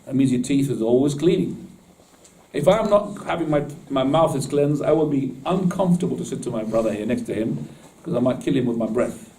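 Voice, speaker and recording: A man's voice: mid-range voice, expressive, a little fast, mellow, distant mic, rough recording. A man teaching Islamic law to a class in casual, informal speech, often asking his students questions and laughing at his own jokes. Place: mosque classroom.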